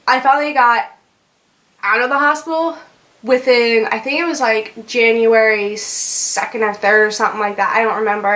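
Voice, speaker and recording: A woman's voice: fairly high pitch, sharp tone. A young woman vlogger telling a story in a chatty way, with lots of fillers, laughs and swearing. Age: young adult. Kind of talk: casual storytime.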